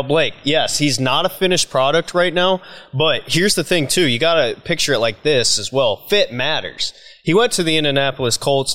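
A male podcast guest in a studio with a mid-range voice. He builds his argument point by point in relaxed sports chat and keeps talking to finish his case. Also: medium pitch. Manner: makes his case at length, persuasive.

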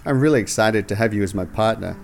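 A man's voice: lowish voice, fast, gravelly, music in the background. A man doing an eager young rookie cop. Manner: earnest, excitable, flustered.

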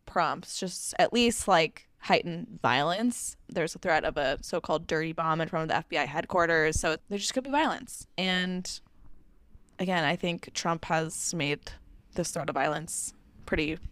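A young adult woman co-hosting a podcast. She talks through current events in a relaxed, conversational way. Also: low-pitched, normal speed. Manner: relaxed, conversational, some filler. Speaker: podcast co-host. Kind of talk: casual news chat.

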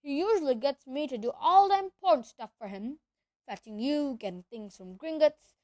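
A woman reading a storybook aloud, voicing a huge, friendly giant man who talks loudly and bluntly. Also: high-pitched, lively intonation, normal speed, no echo. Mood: hearty. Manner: loud, hearty, blunt. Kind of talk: audiobook character voice.

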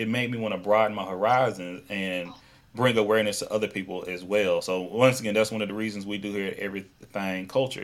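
A man's voice: fairly low pitch, fairly bright tone. A man with a Southern US accent hosting a casual interview podcast, talking in a chatty, rambling way with frequent restarts. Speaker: podcast host.

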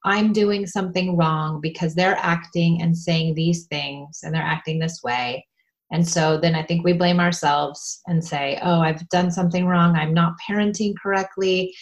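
Calm, lower-voiced woman giving parenting advice. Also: normal speed. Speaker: podcast co-host. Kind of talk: casual parenting podcast talk.

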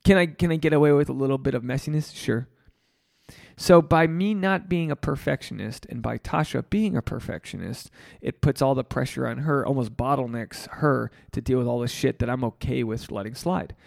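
Gravelly, profane male podcast host. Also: medium pitch, normal speed, a little mellow, no echo, studio quality. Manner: profane, rambling, jokey. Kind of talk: solo podcast commentary.

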